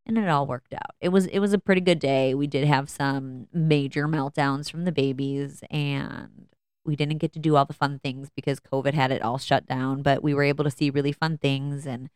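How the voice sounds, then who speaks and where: A woman's voice: low-pitched, fairly even intonation, normal speed, darkish tone, clean tone, dry recording, studio quality. A woman in her thirties hosting a podcast, candidly telling a self-deprecating story about her kids and laughing often. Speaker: podcast host, mother of four. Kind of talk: casual personal storytelling.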